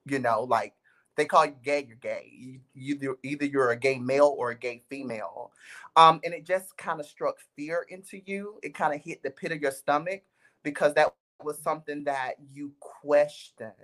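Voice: mid-range voice, moderate pace, a bit bright. A guest in an interview, talking reflectively with frequent ums. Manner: reflective, many "um"s. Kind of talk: casual interview talk.

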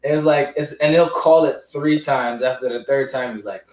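A man's voice: medium pitch, normal speed, darkish tone. A man caring for his father, telling rambling stories in a casual group chat and acting out the voices he quotes. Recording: roomy, distant mic.

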